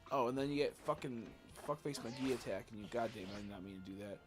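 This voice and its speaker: A young man streams a game with music playing in the background, talking to his viewers in quick, medium-pitched casual commentary. He sounds tired and swears as he chats.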